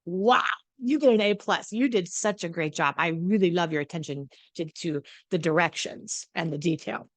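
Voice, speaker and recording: A woman's voice: fairly low pitch, normal speed, no room sound, lightly acted. A prim, rule-bound schoolteacher, as a woman storyteller puts her on, sing-song and bossy with her class. The voice is set in a dry, close room. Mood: gushing. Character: prim cheerful woman schoolteacher, rigid about rules.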